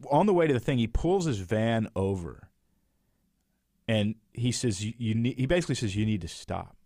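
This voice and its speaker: A middle-aged man tells a long story in relaxed conversation, slipping into the voices of the people he quotes and breaking into laughter often. His voice sits a little low. He is recorded close and dry, with no room sound. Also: normal speed, no room sound. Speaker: guest author. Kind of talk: casual storytelling chat.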